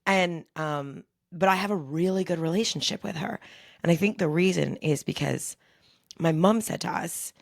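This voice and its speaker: A middle-aged woman co-hosting a podcast, chatting casually and telling frank, animated stories with some swearing. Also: on the low side, normal speed, gravelly, no room sound, clean studio sound. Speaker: podcast co-host. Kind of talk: casual chat.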